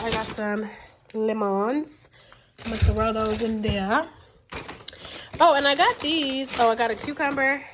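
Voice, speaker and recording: A woman's voice: on the high side, background noise. A woman in her thirties vlogging a casual grocery haul, chatty and calling viewers y'all, a little stuffy from a cold. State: stuffy, sniffling.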